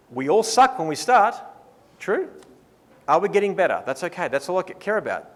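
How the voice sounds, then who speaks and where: A man leading a live workshop, playful and lively, acting out what his listeners think. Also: high-pitched, normal speed. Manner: lively, playful, acts out clients' thoughts. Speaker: workshop presenter. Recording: reverberant hall sound.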